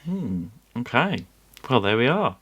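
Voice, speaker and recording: A man's voice: mid-range voice, big pitch swings, unhurried, fairly bright tone, slightly rough. A man hosting a podcast in casual chat, easygoing as he wraps up the episode. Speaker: podcast host.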